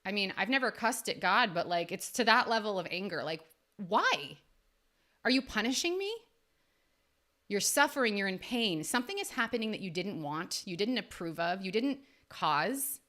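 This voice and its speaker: Bright, lively woman life coach. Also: normal speed. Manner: earnest and emphatic, with sudden rises in pitch. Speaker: podcast host and life coach. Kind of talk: faith-based motivational talk.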